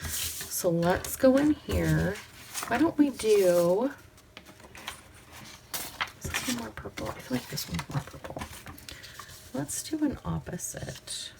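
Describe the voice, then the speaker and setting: A crafting channel host from the Pacific Northwest chats casually to herself and her viewers while she works, sometimes dropping into soft whispers. Her medium-pitched voice is expressive, slow, and creaky, with frequent pauses and background noise.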